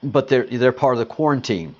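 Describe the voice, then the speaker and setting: A man's voice: medium pitch, expressive, brisk, a little mellow, dull audio. A man hosting a casual livestream, greeting viewers and answering chat comments in a rambling, hesitant way with lots of fillers. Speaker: livestream host.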